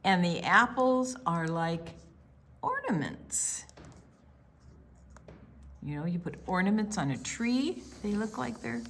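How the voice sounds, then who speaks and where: Lady reading a kids book super slow, sing-song and gentle. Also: mid-range voice, slight background noise. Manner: gentle, drawn-out and expressive, with soft whispers. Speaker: storytime reader. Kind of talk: reading a picture book aloud.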